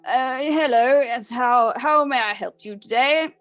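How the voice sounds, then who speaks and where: A woman's voice: on the high side, unhurried, a bit bright, no echo, faint music behind, pitched above the performer's own voice. A woman voicing a polite, fussy older male librarian with poor eyesight who stammers and hesitates.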